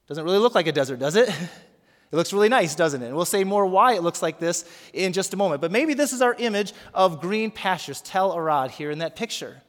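Earnest preacher in a reverberant hall. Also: male voice, high-pitched. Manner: earnest, emphatic preaching with prayer and congregational prompts. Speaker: pastor. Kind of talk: sermon. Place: worship center.

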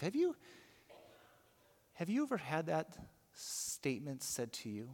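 A man's voice: fairly high pitch, wildly swooping pitch, a little slow, darkish tone. Man preaching in a reverberant hall. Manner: storytelling with frequent repeated words and restarts. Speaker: pastor. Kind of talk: sermon. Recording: long reverb of a large hall.

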